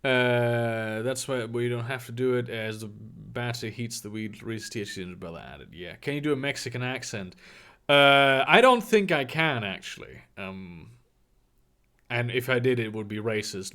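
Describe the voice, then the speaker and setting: A man casually chatting on a livestream, reading out and answering viewer comments in a halting, rambling way with many fillers and some swearing. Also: medium pitch, fairly bright tone. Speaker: live streamer answering chat.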